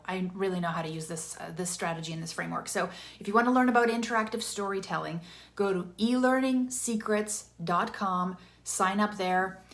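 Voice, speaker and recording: A woman in her thirties, an interactive storytelling coach, giving an upbeat, chatty live-streamed talk from a room with some echo. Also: medium pitch. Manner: upbeat, chatty, energetic with bursts of enthusiasm.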